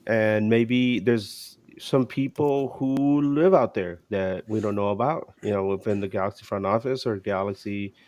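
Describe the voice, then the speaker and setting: Man, low voice, rambling, filler-heavy, casual sports talk. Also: a little slow, few pauses, a little mellow, dry recording. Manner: rambling, many restarts and fillers. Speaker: podcast co-host.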